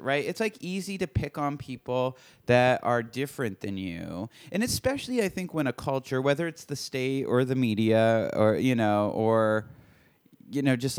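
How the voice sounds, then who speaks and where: A man with a middle-range voice talks at length in a relaxed conversation. He leans on "like" and "right?" as fillers, and the sound is dry and close. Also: mid-range voice, no room sound. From United States. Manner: talkative, fills with "like" and "right?". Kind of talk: casual podcast conversation.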